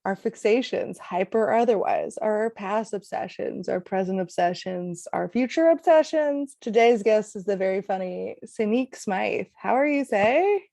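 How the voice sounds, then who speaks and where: A woman's voice: mid-range voice, normal speed, creaky, few pauses, warm tone, no echo, clean studio sound. A woman hosting a podcast, chatting casually with a guest over a video call and laughing easily. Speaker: podcast host.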